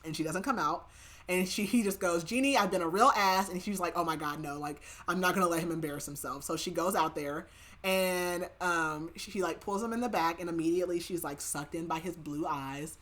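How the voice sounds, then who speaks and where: A podcast host with a lowish, somewhat bright voice and a moderate pace goes over a novel's plot casually. Chatting along, she quotes the characters' lines and leans heavily on "like" as a filler.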